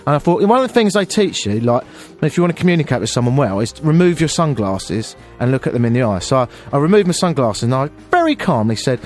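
A man's voice: mid-range voice, very animated, fast, faint music behind. A man telling an exasperated, self-deprecating story on air as a radio host.

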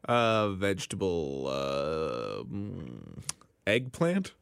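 A man's voice: sits low, huge pitch swings, drawn-out words, gravelly, a bit bright, clear, resonant tone, dry recording. A man, the show's producer, answering the host in a hesitant, playful way in a radio studio.

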